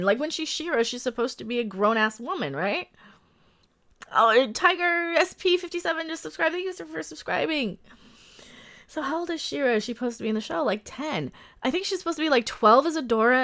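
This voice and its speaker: Woman live-streaming a reaction, sarcastic, loud outbursts, bright voice, lively pitch. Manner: sarcastic, laughs often, bursts into loud exclamations. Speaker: livestream host reacting to a trailer.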